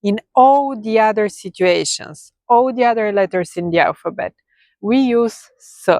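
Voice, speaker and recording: A woman's voice: mid-range voice, darkish tone, no echo. Bulgarian-accented woman teaching, dry sound. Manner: checks in often with "okay?" and repeats key words slowly. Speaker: language teacher. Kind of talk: casual explanatory lesson.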